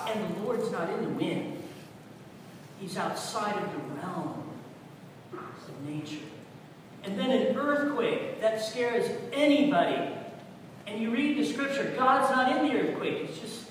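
Animated preacher in an echoey hall. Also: male voice, high voice, slow, long pauses. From California. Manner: animated storytelling, shifting from hushed to shouting. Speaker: pastor. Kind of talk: sermon. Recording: echoey hall from far off, audible room noise.

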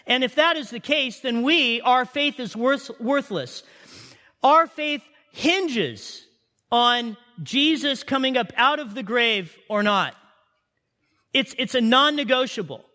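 A man preaching an Easter sermon, telling a story with animated delivery and repeating key lines for emphasis. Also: very high voice, slow, big-room sound. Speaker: pastor.

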